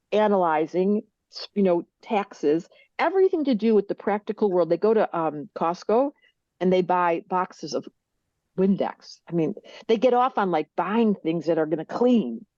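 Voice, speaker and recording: An older woman talks on a podcast in a mellow, darker voice, animated and quick to act out small characters. The sound is dry and a bit dull, with little room. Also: lowish voice, no echo. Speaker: astrologer guest. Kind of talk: podcast interview.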